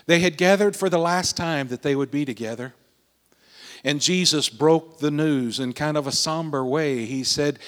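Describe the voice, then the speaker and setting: A man preaching a sermon, telling the story dramatically, with his voice swelling and then dropping to a hush. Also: fairly high pitch, normal speed, in a large hall. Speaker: pastor.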